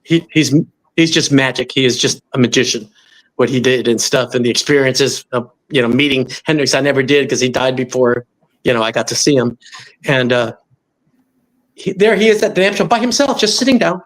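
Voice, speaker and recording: A man's voice: mid-range voice, brisk. A middle-aged man from Los Angeles, a guest musician, telling stories in an interview and acting out the voices of the people he quotes. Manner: animated, acts out quoted voices. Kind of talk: storytelling in interview.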